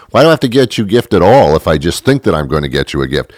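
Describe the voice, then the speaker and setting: A man with a very deep voice hosts a talk show, rambling through a comedic monologue in a deadpan, self-mocking way. The sound is dry and close to the mic, with no room around it. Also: racing, no room sound.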